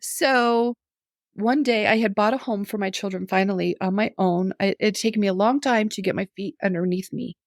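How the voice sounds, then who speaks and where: A middle-aged woman, a guest on a podcast, telling a personal story in casual conversation, animated, acting out her own reactions and laughing often. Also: medium pitch, a little fast, no echo, studio quality.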